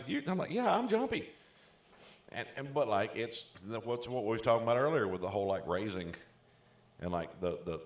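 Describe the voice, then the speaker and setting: A man's voice: on the low side, reverberant. A man co-hosting a casual chat podcast, telling long rambling stories full of "like" fillers. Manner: rambling storyteller, many "like" fillers. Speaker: podcast co-host.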